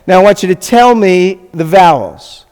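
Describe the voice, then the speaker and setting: A man's voice: sits high, expressive, normal speed, a little mellow, clean tone, big-room sound. A man teaching a Hebrew class as a rabbi, patiently spelling things out and checking in often with his students. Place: classroom or hall with a live class.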